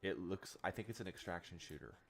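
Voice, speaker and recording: A man's voice: sits low, a little fast, creaky, a bit bright, husky. A young man chatting casually while he plays a game, rambling and amused, often restarting his sentences. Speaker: gaming streamer. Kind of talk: casual chat while gaming.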